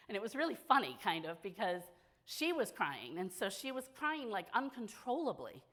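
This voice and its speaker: A woman's voice: medium pitch, sing-song, normal speed, fairly bright tone. Candid, wry woman giving a keynote. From small-town Massachusetts, USA. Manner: candid and wry, mixing grief with self-deprecating humor. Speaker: keynote speaker at a widowhood conference. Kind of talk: personal keynote storytelling to a live audience. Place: conference stage before an audience.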